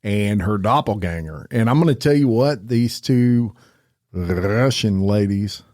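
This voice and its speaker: Lively man, lowish voice, jokey chat, dry close sound. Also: normal speed, no room sound. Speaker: co-host. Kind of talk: casual chat.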